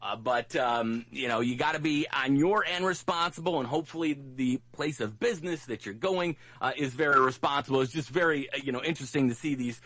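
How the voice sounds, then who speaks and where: A man's voice: medium pitch, a little fast, few pauses, sharp tone, no echo. A man hosting a local radio show, chatting casually with many fillers and restarts, telling stories and acting out quotes. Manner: rambling, lots of restarts and fillers; acts out his grandma's voice in anecdotes. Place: radio studio.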